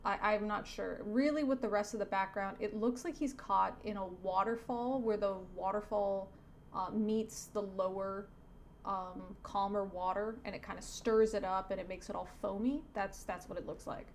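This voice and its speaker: A woman, a teacher by trade, reading a comic aloud in casual commentary, with wry asides and sentences that wander off and trail away softly. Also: medium pitch, fairly even intonation, normal speed, a little hiss or hum. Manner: digressive, self-correcting, trails off softly. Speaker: teacher reviewing a comic on her channel.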